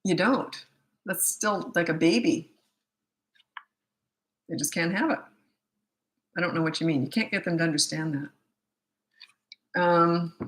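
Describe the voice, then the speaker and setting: Blunt, bright-voiced woman parenting coach. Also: lowish voice. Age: middle-aged. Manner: blunt, tactless, laughs at herself. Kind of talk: live Q&A answering viewer questions.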